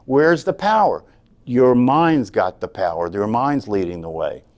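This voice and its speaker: Man, meditation teacher, earnest, repetitive, keeps asking "right?", mid pitch. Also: lively intonation, unhurried, a little mellow. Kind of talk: spoken teaching to a class. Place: class room.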